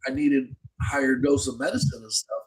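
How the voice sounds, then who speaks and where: A man's voice: medium pitch, fairly even intonation, fairly quick, a little hiss or hum, poor audio. A man hosting a podcast and telling a long, casual story in slangy, profane speech, with many restarts. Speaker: podcast host.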